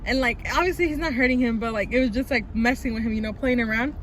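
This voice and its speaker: A woman's voice: fairly high pitch, fast. A young woman telling stories casually on a couple's vlog, chatty and full of "like" and "um". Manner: chatty storyteller, many "like"s and "um"s. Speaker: vlogger. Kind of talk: casual chat. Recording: light background noise.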